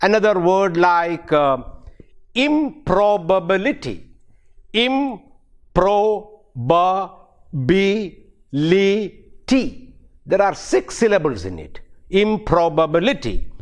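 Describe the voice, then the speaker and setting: Slow, lively-voiced lecturing older man. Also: high voice. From India. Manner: slow, deliberate, spells words out letter by letter. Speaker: English professor. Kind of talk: recorded university lecture.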